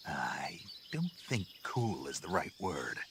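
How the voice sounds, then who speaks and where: A gravelly veteran soldier. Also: male voice, a bass voice, sing-song, slow, a little hiss or hum, full character voice. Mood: puzzled. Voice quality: gravelly, terse. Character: gruff veteran male soldier spy. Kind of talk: game voice acting. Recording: game audio under loud ambience.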